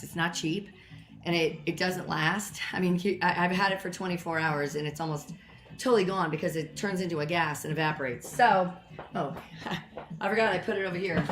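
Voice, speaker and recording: A woman hosting a casual home cocktail live stream, chatty and rambling with self-deprecating asides, a little out of breath. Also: background noise. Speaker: home cocktail show host. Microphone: built-in mic, not her usual one. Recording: echoey room, lower audio quality.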